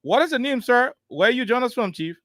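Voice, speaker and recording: A man hosting a call-in radio show, briskly hurrying callers along. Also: very high-pitched, lively intonation, a bit bright, dry recording. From Liberia. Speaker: radio talk show host.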